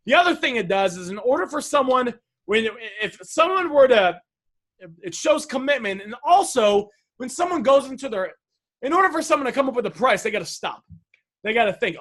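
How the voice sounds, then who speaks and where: A man's voice: sits high, a bit bright. A man coaching viewers on sales messages, enthusiastic and repetitive, often addressing them as guys.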